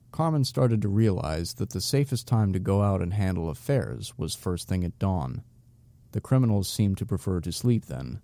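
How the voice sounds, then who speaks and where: A man narrating an audiobook in a steady, even storytelling voice. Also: sits low, gravelly, no echo.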